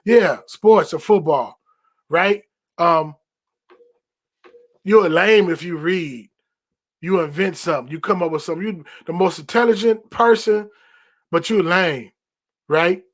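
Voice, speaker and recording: Male podcast host with a high voice, preaching emphatically and repeating himself. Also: unhurried, long pauses. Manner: emphatic, repetitive, preacherly cadence. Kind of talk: preaching-style podcast monologue.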